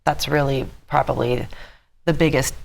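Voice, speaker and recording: A woman being interviewed as a bar co-owner, answering in an earnest, explanatory way with filler pauses. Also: a bass voice, steady tone, vocal fry, a little mellow.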